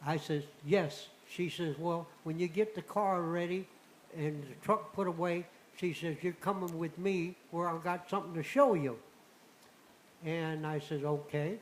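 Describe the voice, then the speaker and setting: An older man, a returning radio guest, telling a personal story in a folksy, animated way and acting out the dialogue. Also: fairly high pitch, a little slow, slight background noise, low-quality recording.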